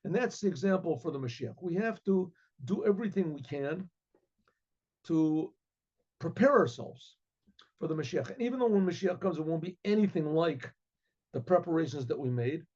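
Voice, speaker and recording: A man, a rabbi, telling a story in a sermon with vivid, animated storytelling and hesitant restarts, on a dull lo-fi recording. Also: on the high side, normal speed, husky. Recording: dull lo-fi sound.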